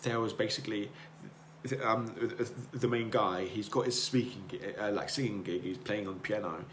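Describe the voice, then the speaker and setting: A man's voice: fairly low pitch, normal speed, a bit bright. A man hosting a podcast, giving an earnest, rambling motivational monologue that repeats itself as he circles his points. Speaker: podcast host. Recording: roomy echo, faint noise.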